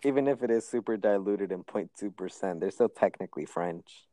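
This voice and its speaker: Young man, mellow dark tone, easygoing self-mocking storyteller. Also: lowish voice, brisk, no echo, poor audio. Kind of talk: casual chat.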